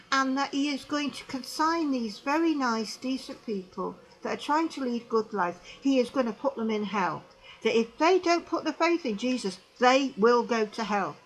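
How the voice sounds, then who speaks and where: A woman's voice: high voice, a bit bright, rough recording. A woman giving an emphatic religious commentary monologue, repeating herself and asking the viewer "don't we?". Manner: emphatic, repetitive, tag questions to the viewer.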